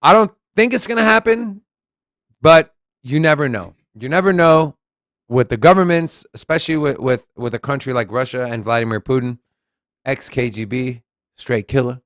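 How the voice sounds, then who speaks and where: A blunt, animated man talking through crypto news articles in a casual co-host style. His voice sits at an ordinary pitch. The recording is dry and close, with no room sound. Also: moderate pace, dry recording. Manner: blunt, animated, reads quotes aloud.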